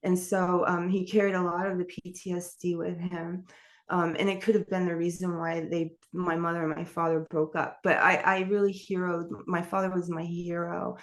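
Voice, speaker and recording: Her voice sits on the low side with little pitch movement, moving at a moderate pace, as this middle-aged New York woman gives personal testimony in an interview. She tells her life story candidly, rambles, and laughs often.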